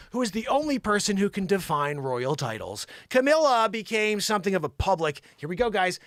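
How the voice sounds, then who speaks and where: A man's voice: high-pitched, sing-song, moderate pace, hardly any pauses, fairly bright tone, no room sound, studio quality. A man hosting a live comedy news show, reading from a teleprompter and cracking asides to off-camera crew. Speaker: host.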